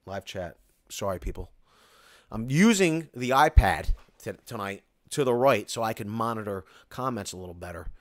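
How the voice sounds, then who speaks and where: Man, Philadelphia accent, middle-aged, low-pitched, dry close mic, casual rambling live Q&A. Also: expressive, normal speed, no echo. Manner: rambling, restarts often, reads comments aloud. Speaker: construction company host answering viewer questions. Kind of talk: casual live-stream Q&A chat.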